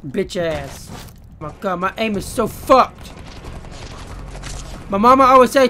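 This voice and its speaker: A man's voice: extremely high pitch, lively intonation, measured pace, pauses often, sharp tone, a little hiss or hum. A man commentating his own gameplay casually, cursing and ranting as he gets frustrated, then talking straight to his viewers. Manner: talks to viewers directly. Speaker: gaming YouTuber.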